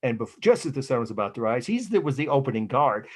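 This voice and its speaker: An older American man delivers a rambling, chatty art history lecture peppered with anecdotes, fillers and restarts. His mid-range voice swings widely in pitch, and he talks fast.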